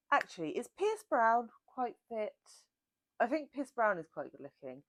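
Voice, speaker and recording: A woman's voice: on the high side, very animated, moderate pace, no echo. A woman hosting a book channel, chatting casually and self-mockingly through a Q&A. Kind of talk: casual Q&A chat.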